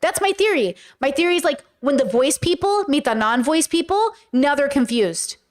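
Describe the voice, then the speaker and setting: A woman host giving casual commentary as she reacts to viewer comments, rambling and animated, with lots of fillers and playful mimicked voices. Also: sits high, normal speed. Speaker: YouTuber and podcast host.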